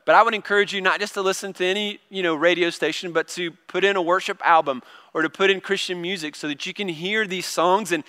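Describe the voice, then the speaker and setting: A middle-aged man preaching to a congregation, his voice high and bright against the long reverb of a big church hall. He talks in a loose, self-deprecating way and keeps restarting his sentences as he tells stories about his own children. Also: steady tone, quick pace, smooth. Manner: conversational, self-deprecating storytelling with many restarts. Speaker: pastor. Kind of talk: sermon.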